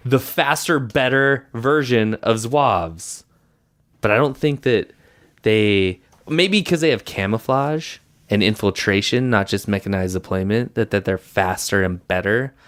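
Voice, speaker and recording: Chatting casually on a podcast he co-hosts, a man rambles with fillers and laughter. His pitch sits in the middle, and his tone is fairly bright.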